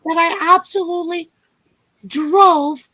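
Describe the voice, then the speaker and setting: A woman's voice: very high voice, fairly even intonation, slow pace, sharp tone, a little hiss or hum, poor audio. A woman from Canada co-hosting a livestream, chatting casually with playful teasing jokes. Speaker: co-host.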